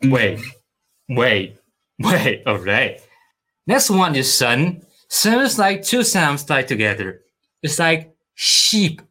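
A man's voice: a little high, big pitch swings, takes it slowly, sharp tone. A man teaching Mandarin pronunciation, patiently drilling each sound over and over. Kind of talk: slow pronunciation lesson.

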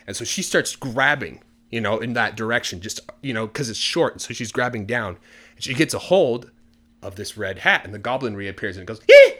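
A man telling a folk tale in a relaxed, chatty manner for people learning English. His medium-pitched voice moves up and down a lot as he narrates, and he often pauses on casual fillers. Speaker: storyteller.

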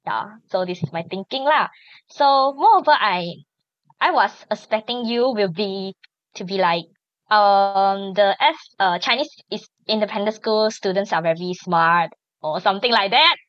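A woman with a Malaysian English accent, a student talking in a casual podcast discussion, halting and tagging phrases with "lah". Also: medium pitch, no echo, highs cut off.

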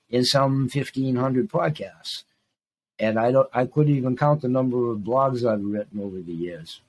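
This podcast host, a man in his sixties, rambles through a casual monologue, hammering points home by repeating phrases. He speaks in a mid-range voice with a slightly mellow quality.

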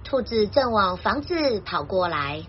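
A woman translating a children's story and explaining vocabulary in a clear, gentle teaching voice. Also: medium pitch, very animated, a little slow, dull audio, heavy background noise.

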